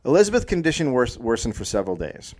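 A man hosting a comedy podcast, narrating a historical story in a deadpan way, with jokey asides. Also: medium pitch, fast.

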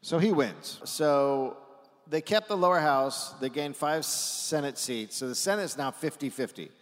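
A man hosting a comedy podcast live, telling a history story in an animated, casual way with dry asides and offhand swearing. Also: fairly high pitch, measured pace. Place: stage at a live podcast taping. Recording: live show in a reverberant hall.

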